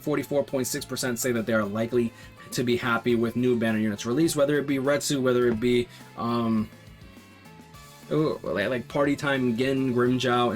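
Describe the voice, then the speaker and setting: A man casually talking through game survey results as a YouTuber, rambling with lots of fillers and restarts. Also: medium pitch. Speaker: gaming YouTuber.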